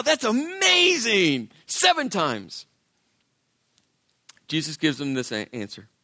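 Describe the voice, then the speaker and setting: A male pastor preaching a sermon in an animated way, acting out the voices of biblical characters. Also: high-pitched, no room sound, clean studio sound.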